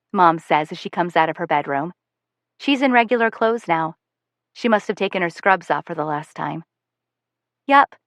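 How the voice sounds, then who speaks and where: Soft-spoken woman narrating an audiobook. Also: on the low side, no room sound. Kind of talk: first-person audiobook narration.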